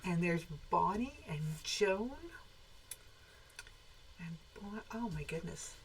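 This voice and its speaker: Woman, lowish voice, chatty live-stream host, greets viewers, faint room hiss. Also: animated, slow, low-quality recording. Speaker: co-host of a quilt shop live show. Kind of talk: casual live-stream chat.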